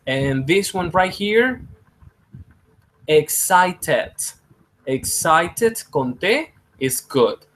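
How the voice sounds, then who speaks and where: A man leads an English lesson, stretching each word slowly and repeating it. His voice sits a little high for a man. Now and then he slips into rapid to explain. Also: a bit bright, rough recording. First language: Spanish. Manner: drawn-out repeated words, switching to quick Spanish asides. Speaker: English teacher. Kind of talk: slow classroom pronunciation drill.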